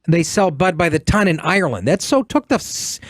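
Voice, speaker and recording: Animated American host, lively pitch. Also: male voice, a little fast, no echo, studio quality. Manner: animated, exclaiming, swooping pitch. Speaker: podcast host. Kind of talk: casual podcast chat.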